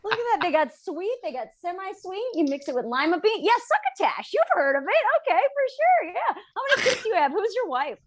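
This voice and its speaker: A woman comic in her thirties doing an animated stand-up set, swearing and acting out the people she quotes. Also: extremely high pitch, fast talker, hardly any pauses. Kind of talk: stand-up set over video call.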